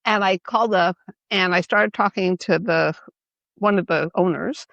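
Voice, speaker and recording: A middle-aged woman from New York, co-hosting a podcast and telling animated, laughing stories in casual chat. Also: on the low side, moderate pace, vocal fry, no echo, muffled recording. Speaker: podcast co-host.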